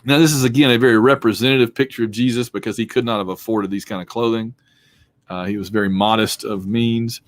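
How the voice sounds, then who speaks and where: A man's voice: on the low side, steady tone, quick pace. A man giving a chatty, informal history lecture from his home basement, with asides and jokes, yawning and hiccuping now and then. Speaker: history instructor. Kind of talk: recorded online lecture.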